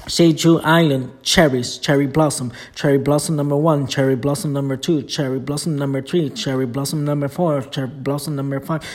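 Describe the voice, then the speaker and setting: A man reading out a long alphabetical list of titles, one item after another in a flat, steady way. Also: medium pitch, fairly quick, few pauses.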